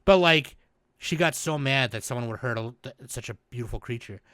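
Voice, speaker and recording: A man hosting a podcast, recapping in a rambling, animated, casual way and swearing freely. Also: mid-range voice, brisk, dry recording. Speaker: podcast host. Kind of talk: casual chat.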